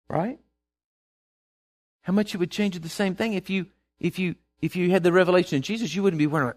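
A man's voice: high-pitched, animated, fairly quick, long pauses. Man preaching, checking his listeners follow. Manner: keeps asking the congregation if they follow; repeats words when restarting. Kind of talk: sermon.

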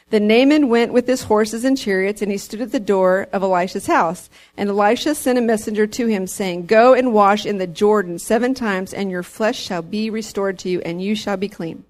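A woman's voice: medium pitch, normal speed, few pauses. A woman leading an informal Bible teaching, reading scripture aloud and talking it over with fillers and asides. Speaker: bible study leader.

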